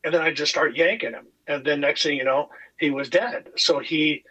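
A man from California, a former motocross racer, telling racing stories in a casual podcast chat, animated and swearing freely. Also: a little high, normal speed, slightly rough, highs cut off. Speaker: guest, retired motocross racer.

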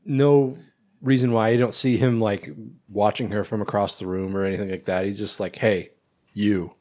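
A man's voice: fairly low pitch, fairly even intonation, brisk, mellow. A man co-hosting a casual podcast, chiming in with dry joking asides.

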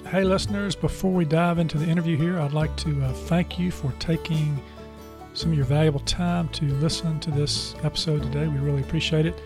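A man's voice: a little high, fairly even intonation, brisk. A male podcast host introducing the episode and reading announcements in a chatty way, with many "uh" fillers. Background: guitar music.

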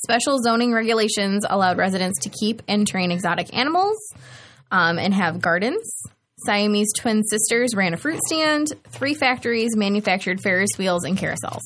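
A woman hosting a casual podcast, reading her researched notes aloud with fillers and quick asides. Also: mid-range voice, animated, a bit bright, a little hiss or hum. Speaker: podcast host.

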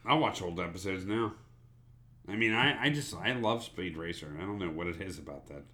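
A man's voice: sits low, animated, fairly quick, pushed and bright. A man from the Southern United States co-hosting a podcast, talking in a casual, rambling way and swearing freely. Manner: laid-back, swears a lot, trails off and restarts. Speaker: podcast co-host. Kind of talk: casual chat.

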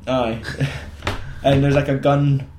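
A man's voice: medium pitch, flat delivery, slow pace, darkish tone, slight background noise. Sweary man, roomy sound. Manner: sweary, laughing, acts out film lines in silly voices. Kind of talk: casual film chat. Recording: roomy echo.

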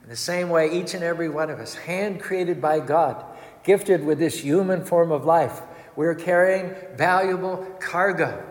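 A man's voice: fairly high pitch, unhurried. A man giving an emphatic storytelling sermon with dramatic retelling. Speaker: spiritual speaker. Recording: echoey hall with long reverb.

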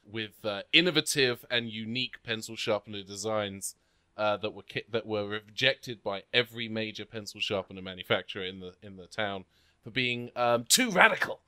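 Hesitant male player, bright and smooth. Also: fairly low pitch, normal speed, dry recording. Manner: hesitant, restarting phrases. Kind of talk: casual tabletop game chat.

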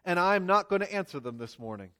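High-voiced pastor preaching conversationally. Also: male voice, very animated, quick pace, pushed and bright. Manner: conversational, tags lines with "okay?" and "right?"; reads scripture with swelling emphasis. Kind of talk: sermon. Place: church sanctuary before a congregation.

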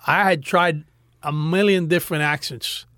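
A man with a Cuban American accent talks through his acting work in a relaxed interview, his voice sitting a little high. He is animated and often circles back over his own words. The sound is close and dry, with no room around it. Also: normal speed, no echo. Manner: animated storyteller, restarts and repeats words. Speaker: actor, interview guest. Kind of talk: casual interview chat.

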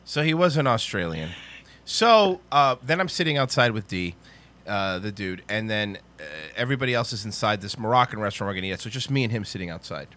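A man hosting a podcast, telling a comedic story in a rambling, animated way and laughing at his own jokes. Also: lowish voice, brisk.

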